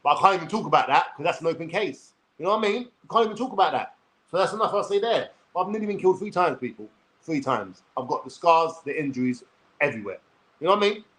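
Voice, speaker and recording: A blunt, foul-mouthed man in his forties with a London accent speaks straight to his viewers. His voice sits a touch higher than most men's, and he rambles and calls out to the people watching. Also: expressive, fast, a bit bright, low-quality recording. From England. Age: 40s. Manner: blunt, swears freely, addresses viewers as people. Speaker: online personality. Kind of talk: rambling talk to camera.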